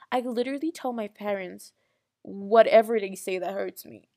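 A young woman speaks to her viewers in an earnest, rambling way, full of restarts and small laughs. Her pitch sits in the middle of the range, neither high nor low. It sounds like a casual, heartfelt personal monologue. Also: moderate pace, mellow. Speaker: vlogger.

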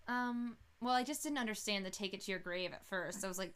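A woman's voice: medium pitch, brisk, a bit bright, clear, resonant tone. A young woman hosting a podcast, talking casually and hesitantly with frequent restarts. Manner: hesitant, self-questioning, with restarts. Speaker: podcast host.

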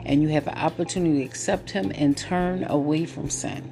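This relationships podcast host is a woman with a low voice and vocal fry who talks fairly quickly, with music in the background. Her casual late-night monologue is chatty and laugh-filled, then becomes preachy, earnest encouragement.

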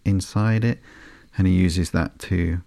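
A man hosting a podcast, reading through a comic book in a slow, sleepy, monotone way with soft fillers. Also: low-pitched, creaky, dry recording. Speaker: podcast host.

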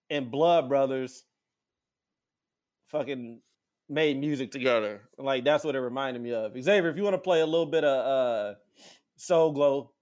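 A man in casual podcast chat, telling a profane, animated story and acting out quotes in sudden high voices.

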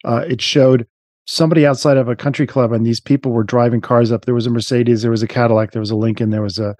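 A man's voice: mid-range voice, steady tone, fast, darkish tone, dry recording, studio quality. A man co-hosting a podcast in casual chat, rambling with many restarts and fillers.

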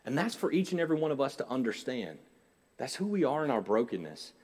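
Man, pastor, sermon, quiet storytelling to loud preaching, long church reverb. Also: medium pitch, big pitch swings, fast, slightly rough. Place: church sanctuary.

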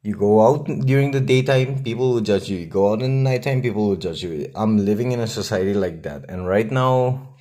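Deep-voiced blunt, profane podcast man from Nagaland. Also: mellow. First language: Nagamese. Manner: blunt, profane, defiant, with long pauses. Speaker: podcast host. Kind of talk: solo podcast monologue.

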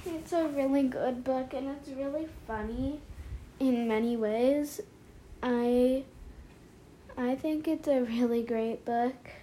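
A woman's voice: high-pitched, slow, mellow, a little hiss or hum, rough recording. A woman reading a children's picture book aloud for her podcast, then chatting about it in a gushing way and repeating herself. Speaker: podcast storybook reader.

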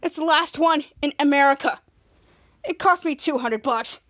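A woman's voice: sits high, normal speed, fairly bright tone, no echo, clean studio sound. A woman voicing a goofy, laid-back teenage boy, with an offhand, matter-of-fact delivery. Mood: casual.

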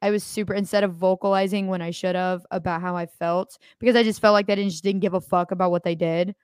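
A young woman co-hosting a podcast, animated and swearing often as she acts out quotes. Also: lowish voice, fast talker, clear, resonant tone, dry recording, clean studio sound. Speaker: podcast co-host. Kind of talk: casual podcast chat.

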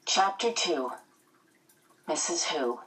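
A woman reads a novel aloud with measured, even storytelling. Her voice sits on the lower side. The microphone is placed slightly away, giving a touch of distance. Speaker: audiobook reader. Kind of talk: scripted narration.

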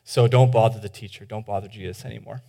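A gravelly, fairly low-pitched voice speaks fast as a pastor preaches in an informal, animated manner. He keeps saying "like," restarts sentences, and acts out voices in his stories.

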